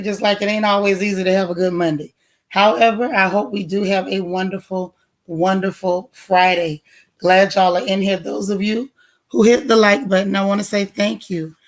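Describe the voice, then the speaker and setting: A middle-aged woman with a hoarse, strained voice, casually greeting viewers one by one on her livestream. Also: medium pitch. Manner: warm, chatty, greets viewers by name. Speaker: livestream host.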